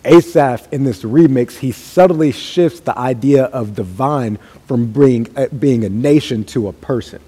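A man's voice: medium pitch, a little slow, few pauses, dark tone, husky. A man preaching a sermon in a church hall, emphatic and building up to raised calls to his listeners. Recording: long hall reverb.

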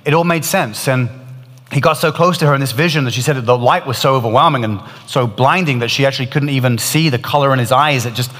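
A man's voice: mid-range voice, quick pace, a bit bright, long reverb tail. A man preaching a sermon, retelling a story in an earnest, emphatic way that swells and drops in intensity.

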